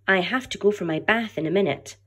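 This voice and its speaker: A woman reading aloud as an excited, cheeky six-year-old boy who writes letters to a dinosaur. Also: mid-range voice, fairly quick, slightly rough. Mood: eager. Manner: bright and eager, reading a child's letter aloud.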